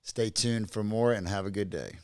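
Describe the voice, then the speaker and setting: A man hosting a podcast, chatting in a relaxed, casual way. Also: lowish voice, normal speed, smooth, no echo, studio quality. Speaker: podcast host.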